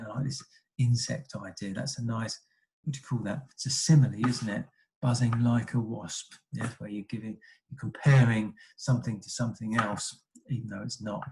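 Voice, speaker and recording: A man's voice: medium pitch, mellow, low-quality recording. A man teaching a writing lesson to primary school children. He thinks aloud and keeps adding tag questions. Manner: asks many tag questions like "isn't it?"; thinks aloud with frequent ums and self-corrections.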